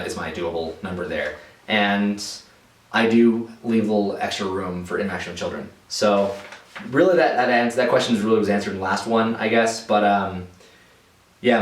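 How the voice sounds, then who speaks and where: A man answering viewer questions as a balloon artist in a casual vlog. He rambles in a relaxed way, with many fillers and restarts. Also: on the low side. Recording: echoey room, voice from a distance.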